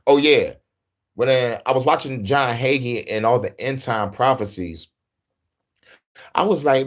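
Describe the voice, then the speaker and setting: Casual male host riffing profanely, animated storyteller who laughs a lot. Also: mid-range voice, normal speed. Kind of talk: casual monologue.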